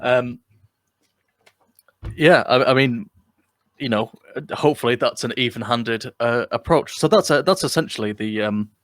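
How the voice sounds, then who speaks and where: A man's voice: mid-range voice, unhurried, long pauses, fairly bright tone, no room sound. A British man co-hosting a comedy podcast, chatting casually with a lot of ums and restarts. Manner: chatty, hesitant with many fillers. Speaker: podcast co-host. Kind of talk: casual chat.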